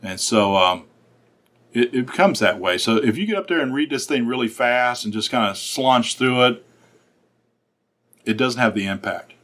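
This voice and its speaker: A middle-aged man, a fraternal order's state secretary, giving earnest instructional advice to council leaders with frequent pauses. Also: mid-range voice, animated, fairly bright tone.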